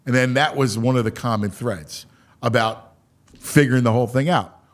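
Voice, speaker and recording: A man hosting a sports talk show, telling a story in a lively, animated way. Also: mid-range voice, normal speed. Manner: animated storyteller, acts out quotes. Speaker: sports radio host.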